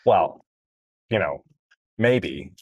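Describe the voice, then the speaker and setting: A man's voice: deep voice, animated, extremely slow, dry recording, phone-quality sound. Podcast guy talking movies, voice bounces up and down a lot, lots of likes and restarts, dry close mic. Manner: inquisitive, rambling, many fillers and restarts. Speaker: podcast co-host. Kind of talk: casual film review chat.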